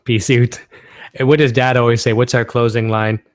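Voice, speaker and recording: A man's voice: mid-range voice, little pitch movement, normal speed, dry recording. A man from Canada hosting a casual guitar-gear livestream, talking in an enthusiastic, rambling way.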